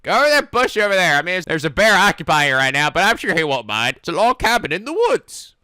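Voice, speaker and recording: High, lively male reaction host, bright voice, dry close mic. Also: quick pace, smooth, dry recording. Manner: animated, laughs often, swears, exclaims. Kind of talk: casual reaction commentary.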